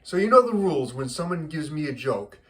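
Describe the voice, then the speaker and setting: Halting, easygoing joke-telling man. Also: a little high. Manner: halting, repeats words, relaxed. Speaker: joke teller, show host.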